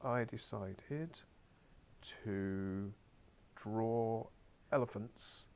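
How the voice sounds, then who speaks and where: Speaking very slowly in a low, gravelly, darkish voice, this Spanish teacher guides his beginners' class along patiently. He slips in dry remarks and occasionally sinks to a muttered whisper, apparently from a school classroom.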